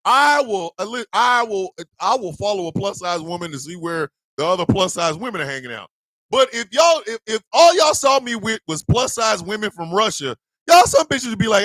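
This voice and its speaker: A man hosting a radio morning show, telling a profane comedic rant in a loud, animated way. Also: high voice, normal speed, dry recording, clean studio sound. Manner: loud, animated, profane storytelling with mock voices.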